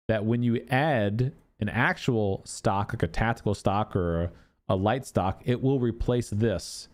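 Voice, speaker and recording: A man's voice: on the low side, darkish tone. Casual man musing over game skins. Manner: thinking aloud, chatty, fond of filler words. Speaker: gaming YouTuber. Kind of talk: casual gameplay commentary.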